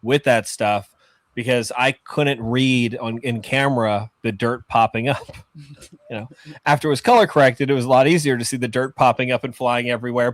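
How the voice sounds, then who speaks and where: A film director in casual podcast chat, telling anecdotes and acting out the people in them. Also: male voice, mid-range voice, no room sound. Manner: animated storyteller, acts out voices in anecdotes.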